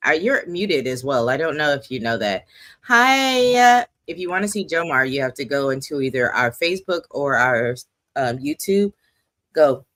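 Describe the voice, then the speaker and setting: Rambling, chatty and self-mocking, this forty-year-old poetry slam host talks casually on the monthly livestream. The mid-range voice is sing-song and a bit bright, at a moderate pace, recorded dry.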